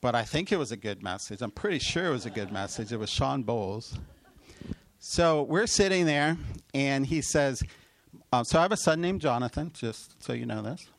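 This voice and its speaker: A middle-aged man, a pastor, telling a personal story in a sermon, with loud emotional peaks and quick asides. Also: medium pitch, animated, creaky. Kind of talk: sermon testimony.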